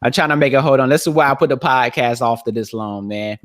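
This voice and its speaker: A man in his thirties hosts his own podcast, rambling in relaxed slang and circling back over the same phrases. He laughs easily, and his voice is slightly worn from recent shouting. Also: medium pitch, fast talker. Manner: loose, slangy, repeats phrases, laughs often. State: losing his voice. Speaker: podcast host. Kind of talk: casual solo podcast commentary.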